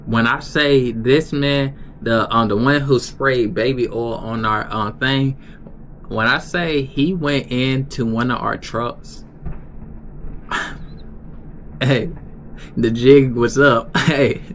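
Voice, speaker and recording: A man's voice: medium pitch, fairly even intonation, takes it slowly, long pauses, a bit bright, slight background noise. A young man streaming live, telling a story in a rambling way with lots of restarts. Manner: rambling, many restarts and fillers. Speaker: livestreamer. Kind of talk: casual storytelling.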